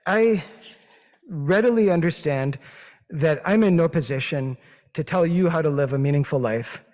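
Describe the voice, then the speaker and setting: A man with a Midwestern accent, a physician giving a thoughtful, modest talk with slides, pausing often with fillers. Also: fairly high pitch, a little mellow. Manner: thoughtful, hesitant, with many fillers; modest and self-deprecating. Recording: long reverb of a hall.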